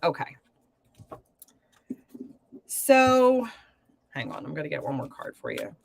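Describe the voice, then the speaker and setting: A woman's voice: sits low, sing-song, slow pace, vocal fry, slight background noise. A woman hosting a live tarot reading stream, talking casually to viewers with lots of fillers and pet names. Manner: chatty, warm to viewers, filler-heavy.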